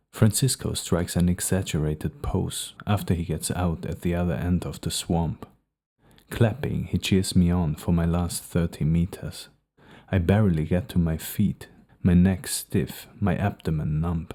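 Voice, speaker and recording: Dark and mellow, the narrator's very low, gravelly voice carries a first-person novel at an even, measured pace. It comes across as a calm audiobook reading.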